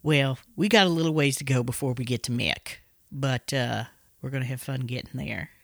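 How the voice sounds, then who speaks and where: A woman's voice: extremely low pitch, normal speed, creaky, no room sound, studio quality. A woman hosting a podcast, recapping a horror film in a casual, jokey way with frequent laughs. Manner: animated, laughs often, jokey asides. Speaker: podcast host.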